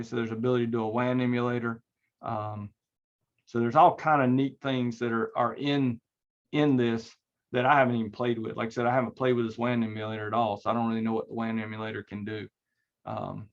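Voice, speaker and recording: A man's voice: mid-range voice, muffled recording. A man teaching a recorded online networking class, talking casually with many fillers and restarts. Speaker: networking instructor. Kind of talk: recorded online class lecture with screen share.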